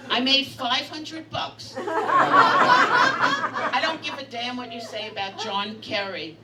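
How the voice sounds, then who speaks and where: At a bistro bar comedy night, a Brooklyn woman performs a brash, bawdy stand-up set of stories and punchlines. Her high voice has lively intonation and she goes slowly with long pauses, while a loud crowd fills the echoey, distant, noisy room.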